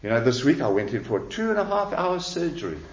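A man's voice: medium pitch, very animated, fast talker. A man preaching a sermon as pastor, emphatic and repeating key words with rising and falling delivery. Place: church. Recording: echoey church hall, dull lo-fi sound.

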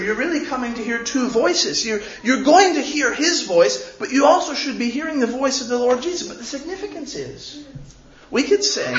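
A man preaching a sermon as pastor, earnest and pleading, often repeating words as he goes. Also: very high-pitched. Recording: echoey, slightly dull room recording.

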